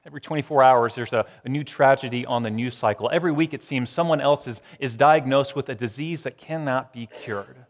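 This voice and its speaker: A man preaching a sermon, shifting between strong emphasis and quiet, hushed phrases with long pauses. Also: mid-range voice, in a large hall. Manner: dramatic pauses, swings from loud to hushed. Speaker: pastor.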